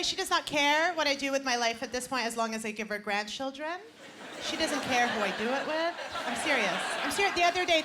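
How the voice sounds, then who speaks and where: A woman's voice: high-pitched, noisy background. A woman in her twenties doing punchy, self-mocking stand-up comedy on a club stage. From Canada. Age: 20s. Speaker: stand-up comic. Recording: stage mic with roaring audience. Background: loud audience laughter.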